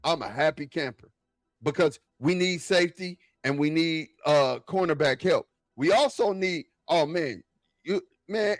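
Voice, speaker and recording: Man, casual sports talk, excitable, slightly high voice, repeats himself. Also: measured pace, no echo. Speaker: football podcast guest.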